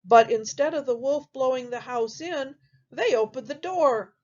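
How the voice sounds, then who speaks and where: Teacher lady reading a kids book, slow n gravelly, kinda muffled recording. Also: high voice, a little mellow. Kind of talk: children's read-aloud storytelling.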